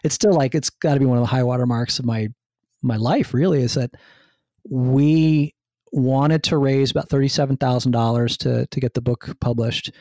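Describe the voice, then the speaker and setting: A man from New Jersey speaks as a guest in a podcast interview. His voice has a gravelly rasp, and his eager talk runs on with restarts. The recording is dry and close. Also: mid-range voice, fairly even intonation, moderate pace, dark tone, no echo. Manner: enthusiastic, rambling with many restarts. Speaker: guest, food writer and hunter.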